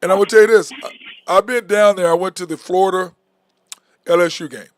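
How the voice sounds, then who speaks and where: Hosting a sports talk show, a man with a high voice speaks briskly in casual sports chat. His style is blunt and animated, peppered with "okay?" and "bro."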